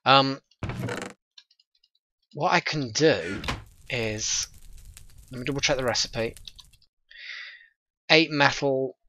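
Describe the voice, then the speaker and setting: A man's voice: medium pitch, takes it slowly, long pauses, a little hiss or hum. Chatty man narrating gameplay. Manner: chatty, thinking aloud, excitable. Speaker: let's play host. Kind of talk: casual gameplay commentary.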